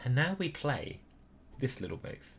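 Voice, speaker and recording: A young British man commentating on his own online chess games, playful and profane, switching between loud whoops and muttered asides. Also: mid-range voice, big pitch swings, unhurried, gravelly, slightly rough. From Britain. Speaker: chess grandmaster streamer.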